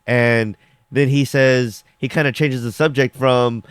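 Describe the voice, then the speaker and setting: A man's voice: medium pitch, steady tone, measured pace, clean tone, no echo, clean studio sound. A young man casually reviewing a TV episode, rambling with lots of fillers and acting out characters' lines as he recaps. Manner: rambling, filler-heavy with frequent "like".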